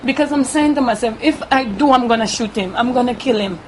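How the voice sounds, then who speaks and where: A woman with a Guyanese Creole accent giving a halting first-person account, often repeating herself and tagging her sentences with "right?". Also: a little high, a little mellow, a little hiss or hum, low-quality recording. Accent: Guyanese Creole English. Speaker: interviewee.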